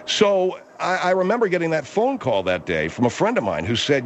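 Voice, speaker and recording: A man's voice: a little high, big pitch swings, a little fast, few pauses, a little hiss or hum. A man hosting a talk radio show from a studio, chatty and trying to keep two guests in line. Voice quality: easygoing, chatty, mediating. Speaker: radio host.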